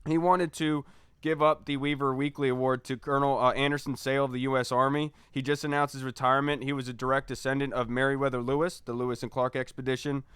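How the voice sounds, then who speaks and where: A man's voice: medium pitch, level tone, fast talker, a bit bright, clean tone, dry recording. A man hosting a casual sports podcast, chatty and rambling as he wraps up. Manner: chatty, rambling sign-offs. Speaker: podcast host.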